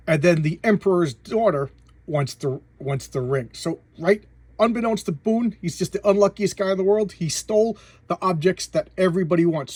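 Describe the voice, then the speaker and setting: A man's voice: fairly high pitch, darkish tone, slightly rough, no echo. A man casually recapping a comic book plot, rambling with many restarts and repeated words.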